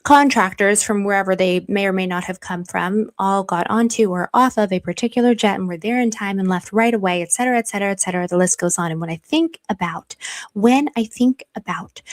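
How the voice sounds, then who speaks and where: A woman's voice: mid-range voice, fast talker, few pauses. Chatty woman livestreaming to viewers. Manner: chatty, reads viewer comments aloud, gushing and emotional when thanked. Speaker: livestream host. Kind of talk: casual livestream commentary. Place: warm room at home.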